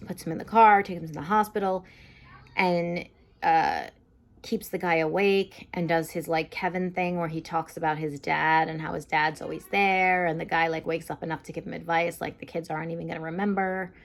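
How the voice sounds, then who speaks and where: A young woman talks her way through a casual TV episode review, her speech loose and rambling with frequent "um"s and "like"s. Her voice sits a little low and carries a gravelly fry at the ends of phrases. She sounds like someone chatting informally rather than reading a script. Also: steady tone, normal speed. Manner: chatty, lots of fillers like "like" and "um", acts out quotes. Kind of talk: casual spoken recap and review.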